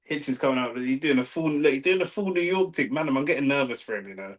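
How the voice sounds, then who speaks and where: Talking fast with an expressive mid-range voice, a young Londoner hosts a live fight watch-along over low-quality audio. He's casual and laid-back, using slang, swearing, and reading viewers' chat aloud.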